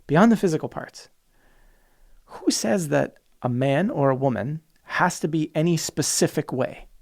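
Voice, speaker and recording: A man with a fairly high, gravelly, expressive voice delivers a solo podcast monologue a little slowly. As host, he speaks passionately and emphatically, sometimes mimicking opposing views in mocking voices.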